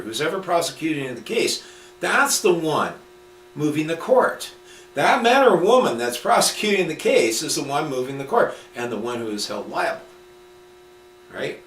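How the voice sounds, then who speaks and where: A man's voice: fairly high pitch, fairly bright tone. A man rambles and swears through a heated rant, his voice swinging up and down as he pushes his points. He sounds a little distant from the mic in an echoey room, with a faint mains hum underneath. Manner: profane, emphatic, rambling with restarts. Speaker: speaker on common law. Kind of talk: casual rant.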